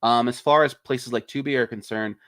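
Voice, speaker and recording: Male indie director, casual profane rant, mid pitch, dry close sound. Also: brisk, no echo. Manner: ranting, profane, animated; acts out quoted lines in a raised voice. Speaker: indie filmmaker. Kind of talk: casual livestream chat.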